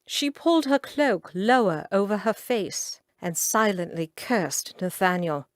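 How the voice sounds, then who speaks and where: A woman reads a romance audiobook with a dramatic, expressive delivery. Her pitch rises and falls widely while she keeps an unhurried pace. The recording is dry and close. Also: no echo. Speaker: audiobook narrator. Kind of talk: scripted audiobook narration.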